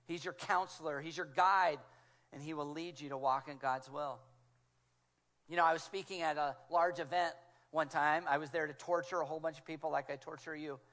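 Animated higher-voiced male preacher. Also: fairly quick. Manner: animated storytelling, dropping to hushed tones for quoted voices. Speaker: guest preacher. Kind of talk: sermon. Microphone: small clip-on mic.

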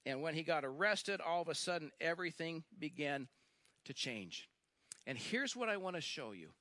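A man's voice: fairly high pitch, big pitch swings, pushed and bright, no echo. A male pastor preaching a sermon, telling a story with emphatic repetition and acting out the lines he quotes. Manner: emphatic, repeats phrases, slows for stress.

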